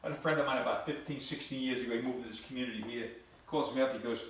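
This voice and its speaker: A man's voice: medium pitch, rapid-fire. A male stand-up comedian on stage, teasing and quizzing the audience. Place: live stage before an audience. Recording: echoey hall from far off.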